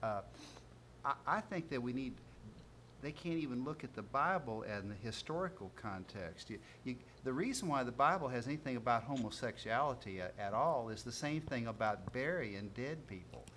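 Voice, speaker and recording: A man in a casual dinner-table discussion, talking in a halting, rambling way. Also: medium pitch, expressive, a bit bright. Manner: halting, many fillers and restarts, rambling. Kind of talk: casual panel chat over dinner. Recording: faint room noise, live stream.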